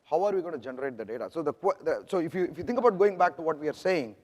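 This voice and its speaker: A product manager with an Indian accent talks very fast at a conference, his slightly high, animated voice carrying a darkish tone on lo-fi audio. He chats with the audience, restarting frequently and asking "right?", while the large hall adds a long echo.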